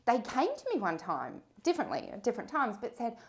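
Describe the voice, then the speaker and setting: A woman's voice: fairly high pitch, huge pitch swings, brisk, vocal fry. A middle-aged woman coaching horse riders, telling a story and acting out the dialogue. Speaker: riding coach. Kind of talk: motivational coaching talk to camera.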